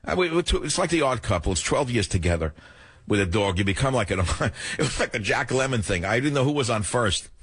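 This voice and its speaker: An older man hosting a radio talk show, ranting sarcastically through an opinionated monologue with a husky voice. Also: mid-range voice, lively intonation, fairly quick, fairly bright tone, dry recording.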